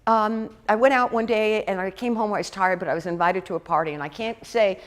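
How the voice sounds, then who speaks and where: Chatty, lively woman minister preaching. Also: medium pitch. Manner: lively, chatty preaching with asides and quick laughs. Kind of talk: sermon. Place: church hall.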